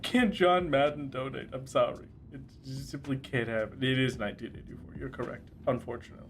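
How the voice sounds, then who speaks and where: A man streaming a game live, chatting casually with his viewers in a playful, excitable way. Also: medium pitch, brisk, slight background noise. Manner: playful and excitable, squealing and laughing at surprises. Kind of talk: casual livestream chat while gaming.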